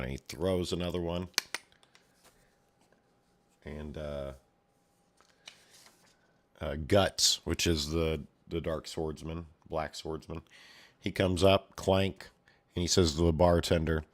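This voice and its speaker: A deep-voiced man casually retells a violent comic story, loose and rambling with fillers. He swears freely and keeps breaking into clanks, whooshes and other sound effects. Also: fairly even intonation, slow pace, pauses often. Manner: profane, full of sound effects.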